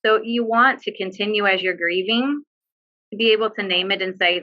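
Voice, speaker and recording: A woman's voice: medium pitch, fairly even intonation, moderate pace, muffled recording. A woman working as a bereavement social worker, giving earnest, direct advice with frequent fillers on a video call. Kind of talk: webinar discussion, giving advice.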